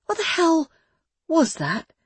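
A woman's voice: fairly high pitch, sing-song, a little slow, a little mellow, slightly rough, no room sound, heavily acted. A woman voicing a strained young mother who talks with a tight, forced sweetness in an audiobook. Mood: confrontational. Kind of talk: audiobook character voice.

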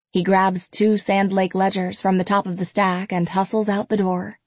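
A woman giving scripted audiobook narration in an even, measured storytelling manner, close to a studio mic. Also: mid-range voice, dry recording.

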